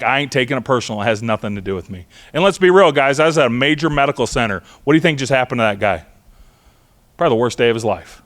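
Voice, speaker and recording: Male speaker, middle-aged, punchy talk to a parent audience, repeats catchphrases. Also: medium pitch. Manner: energetic, conversational, with repeated mantras. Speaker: speaker on trauma-informed care. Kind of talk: presentation to parents. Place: school auditorium.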